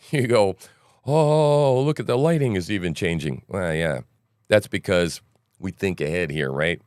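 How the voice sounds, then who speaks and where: Low-voiced man rambling through commentary. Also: fairly bright tone, clean tone, dry recording, studio quality. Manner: rambling, frequent "right?" asides, joking. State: morning voice. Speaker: news commentary podcast host. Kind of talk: casual livestream commentary.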